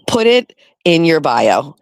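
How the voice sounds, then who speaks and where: A woman's voice: low-pitched, very animated, extremely slow, clear, resonant tone, no echo, poor audio. A woman hosting a casual vlog from home, telling a story with plenty of swearing and laughter. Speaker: vlog host. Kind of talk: casual chatty monologue. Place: at home with her dogs.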